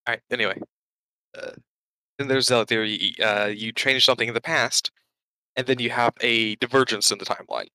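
A man's voice: medium pitch, fairly even intonation, brisk, pushed and bright, clear, resonant tone, no room sound, rough recording. A man co-hosting a podcast, chatting casually and rambling with lots of fillers, running short of breath. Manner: rambling, hesitant, many fillers. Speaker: podcast co-host. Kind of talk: casual chat.

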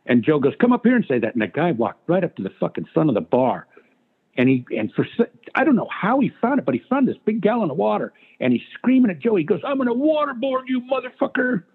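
Brief: raspy-voiced comic guest, lively swooping delivery, tinny phone-line sound. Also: male voice, on the high side, fast talker. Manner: animated, profane anecdotes. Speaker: guest, stand-up comedian. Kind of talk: casual storytelling chat.

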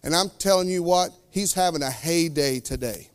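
A man preaching a sermon as pastor, with fervent delivery that swings between loud declarations and quiet, slowed asides. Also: fairly high pitch, smooth.

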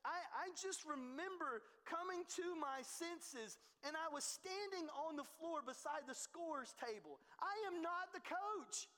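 Emphatic pastor preaching in a reverberant hall. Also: male voice, extremely high pitch, measured pace, hardly any pauses. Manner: storytelling, emphatic, repeats words when excited. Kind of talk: sermon.

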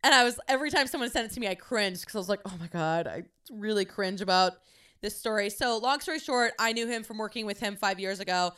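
A young woman hosting her own podcast, telling a story in a casual, chatty way with lots of swearing and animated quoting. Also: medium pitch, fast talker, clear, resonant tone. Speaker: podcast host.

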